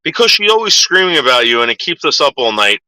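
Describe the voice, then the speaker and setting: A man's voice: a little high, sing-song, fast talker, bright, forceful tone, no room sound, rough recording. A man ranting on a livestream, swearing heavily and repeating himself as he gets worked up. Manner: profane, agitated, repeats himself. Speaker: livestream host.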